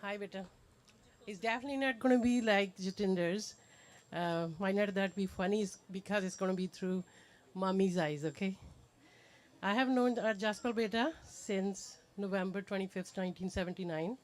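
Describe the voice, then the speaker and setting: A woman's voice: medium pitch, normal speed, a little mellow. Older woman reading a tender speech. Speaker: mother figure giving a birthday speech. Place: party venue.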